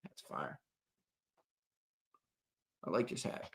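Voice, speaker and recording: A young man co-hosts a live fan show, reading viewer comments in a loose, casual chat. He talks slowly in a fairly bright tone, swearing and repeating his lines.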